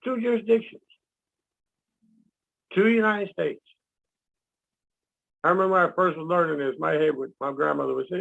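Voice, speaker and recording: A man teaching in casual talk, animated, acting out quotes and laughing at his own jokes. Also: high voice, moderate pace, vocal fry, pauses often. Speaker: guest speaker. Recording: dull lo-fi sound.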